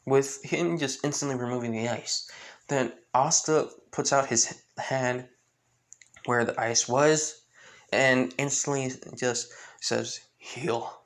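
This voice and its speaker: Taking his time, this fan storyteller narrates improvised fan fiction in a medium-pitched voice with fairly even intonation. His telling wanders, packed with restarts and with-clauses.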